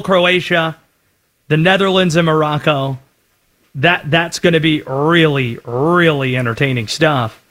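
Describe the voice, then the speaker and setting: A man hosting a sports show, delivering a brisk, opinionated commentary monologue. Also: on the high side, a bit bright. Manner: brisk, opinionated delivery with quick name lists.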